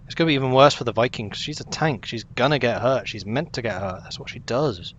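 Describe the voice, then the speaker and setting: A man's voice: mid-range voice, animated, quick pace, a bit bright, lo-fi sound, a little hiss or hum. Chatty man streaming a game. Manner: chatty, talks to himself and to chat while playing. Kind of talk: casual gameplay commentary.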